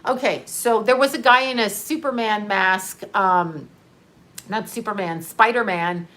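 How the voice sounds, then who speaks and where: A woman talking casually on a live stream, animated and sarcastic, often breaking into laughter. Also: mid-range voice, measured pace.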